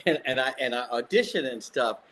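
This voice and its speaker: An older man from Mississippi spins funny, self-mocking anecdotes as a podcast guest. His voice sits at an ordinary middle pitch, and his delivery is casual and animated. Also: fairly quick. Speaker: guest actor. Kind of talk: casual storytelling.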